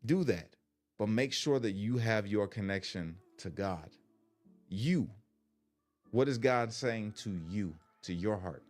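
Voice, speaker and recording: A man's voice: on the low side, animated, takes it slowly, a little mellow, faint music behind. A man giving a casual preaching livestream, slangy and conversational, repeating his points and laughing often. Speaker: faith livestreamer.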